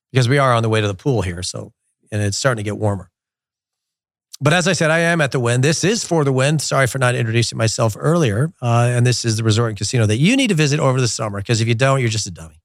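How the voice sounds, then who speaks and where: Blunt, animated man hosting a soccer show. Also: mid-range voice, dry recording, clean studio sound. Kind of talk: casual opinionated talk. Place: glass-walled studio in a resort. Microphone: studio mic.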